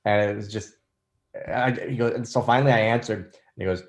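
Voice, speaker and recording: A former wrestler in his thirties, fairly low-voiced, fast and gravelly, tells stories from his career during a relaxed, casual interview. He's an animated storyteller, acting out quoted lines from the people in his anecdotes.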